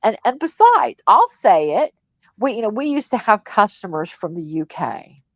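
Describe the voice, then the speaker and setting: This livestream co-host, a Missouri woman, speaks at a moderate pace in a mid-range voice with big pitch swings. Her casual chat is rambling and frank, captured in a dull, dry, lo-fi recording.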